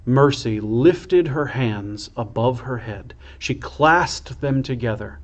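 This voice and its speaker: Man, priest, reading a children's story aloud, unhurried expressive delivery, average pitch, muffled lo-fi sound.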